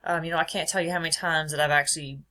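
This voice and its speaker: A woman's voice: deep voice, fairly even intonation, racing, bright, forceful tone. A young adult woman hosting a casual faith podcast, reading from her notes in a chatty way and laughing often. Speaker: podcast host.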